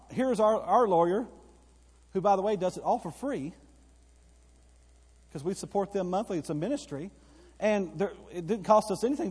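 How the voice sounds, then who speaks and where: A man delivers a sermon in a church, telling his congregation a story that keeps building to excited outbursts. He pitches his voice on the high side, though it carries a dark, faintly husky quality, and the sanctuary's lengthy echo hangs on every word.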